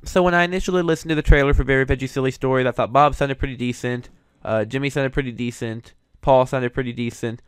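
A man's voice: medium pitch, fairly even intonation, fast, few pauses, clear, resonant tone, no echo. A man hosting, giving casual, hedging commentary on cartoon voice recasts, with frequent fillers. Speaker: host reviewing voice recasts.

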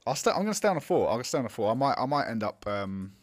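A man's voice: mid-range voice, sing-song, racing. Blunt sarcastic man. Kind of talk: casual film discussion.

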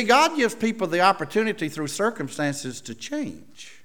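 Male preacher, high and very lively voice, reads scripture then explains it, acts out the lines. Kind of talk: expository Bible sermon.

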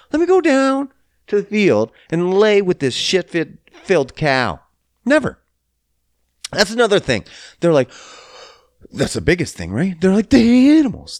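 A man's voice: a little high, dry recording, clean studio sound. Heated, swearing man ranting. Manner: heated, blunt, swears a lot. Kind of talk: profane ranting monologue.

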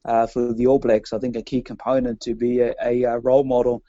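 A man's voice: medium pitch, little pitch movement, a little fast, warm tone, dry recording, highs cut off. A man from New Zealand with a New Zealand accent, co-hosting a radio show in casual banter, chatty and laughing often. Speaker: radio co-host.

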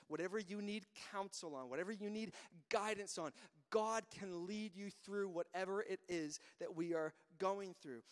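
A man with a high-pitched voice preaches in an easy, conversational way. He often stumbles over a word or two before a thought gets going. His voice rings out with a long hall reverb. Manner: conversational, repeats words when starting a thought. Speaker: pastor. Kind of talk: casual sermon.

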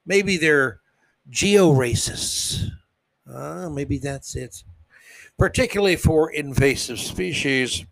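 A man's voice: fairly high pitch, expressive, slow pace, creaky, a bit bright, no echo. A man hosting a podcast, delivering a sarcastic, mock-outraged comedic monologue into a close microphone. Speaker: podcast host.

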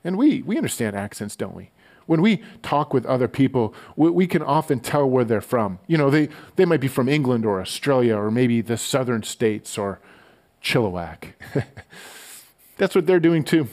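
A man giving a relaxed, conversational sermon as a pastor, often repeating words as he goes. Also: mid-range voice, normal speed. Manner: conversational, relaxed storytelling with frequent stammered word repeats.

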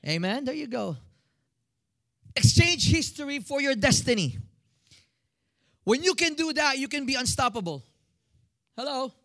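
Filipino male pastor in his thirties, higher-pitched, animated preacher who prods the congregation to respond. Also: unhurried, long pauses. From Philippines. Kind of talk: sermon.

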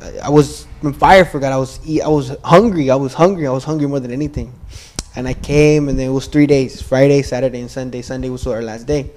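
A man's voice: medium pitch, steady tone, fast talker, a little mellow. A young man casually sharing his church testimony in an earnest, rambling way, full of "like" and "bro".

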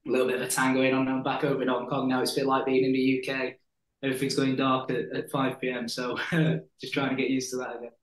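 Guest: man, slight Yorkshire accent, relaxed and chatty, even delivery, roomy remote-call sound. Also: medium pitch, a little hiss or hum. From Sheffield, England. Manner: relaxed and chatty, with frequent pauses. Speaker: football coach abroad, podcast guest. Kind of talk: casual conversational interview. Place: at home in Hong Kong, evening. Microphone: remote podcast call.

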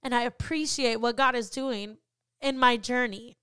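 A woman's voice: on the high side, fairly even intonation, normal speed, a bit bright, clear, resonant tone, no echo, studio quality. A woman co-hosting a faith podcast, talking in an earnest, encouraging way with lots of "um" and "like". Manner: earnest, encouraging, many "um" and "like" fillers. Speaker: podcast co-host. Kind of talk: personal faith podcast talk.

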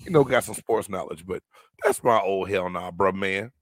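A man's voice: sits low, moderate pace, a bit bright, no echo. A man co-hosting a casual sports podcast, joking and slangy, full of trash talk. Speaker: podcast co-host.

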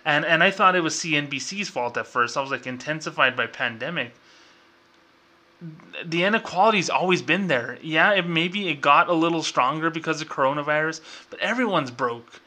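A man's voice: a little high, brisk, few pauses, pushed and bright. A man hosting his own show, ranting in a casual, exasperated and sarcastic way, full of fillers and restarts. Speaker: podcast host.

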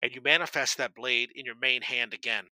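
A man's voice: mid-range voice, no echo, low-quality recording. A man narrating a tabletop game as game master, describing the action and calling for rolls. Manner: steady, descriptive narration with brisk rule calls.

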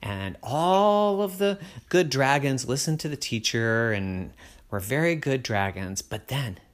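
An adult telling a bedtime story in a gentle, playful way. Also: mid-range voice, animated, a little slow.

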